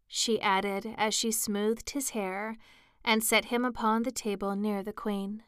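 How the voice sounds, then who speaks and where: A woman narrating a storybook as an audiobook, in a slow, even storytelling manner. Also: mid-range voice, clean tone, no echo, studio quality. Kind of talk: audiobook reading.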